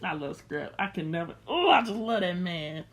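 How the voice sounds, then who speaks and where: A woman's voice: lowish voice, expressive, moderate pace. A young woman recapping a reality show in blunt, slangy, sassy chat, unscripted.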